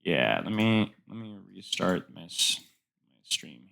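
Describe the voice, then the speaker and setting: A man's voice: deep voice, sing-song, a little slow, gravelly, pushed and bright. Nasal-sounding male coach, rambling. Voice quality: self-described nasal voice. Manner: rambling, filler-heavy, frank. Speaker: game coach. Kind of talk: casual coaching session.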